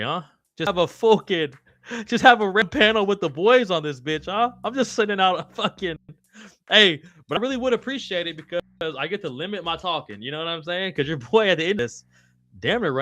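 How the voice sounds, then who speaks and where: A man's voice: fairly high pitch, bright, forceful tone, no echo. A man hosting a live-stream sports talk show, casual, slangy and profane, calling viewers and guests brother and dog. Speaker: podcast host.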